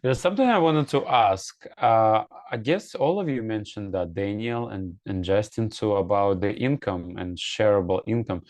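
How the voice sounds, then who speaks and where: Male moderator, slightly low voice, dry close recording. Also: moderate pace, hardly any pauses, a little mellow, no echo. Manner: asks questions plainly, with hesitations. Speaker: host, moderator. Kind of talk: hosting a group chat.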